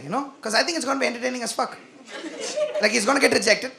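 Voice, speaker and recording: A young man performing a stand-up comedy set, animated and self-mocking as he talks to the crowd. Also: very high-pitched, fast talker, creaky. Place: comedy venue with live audience.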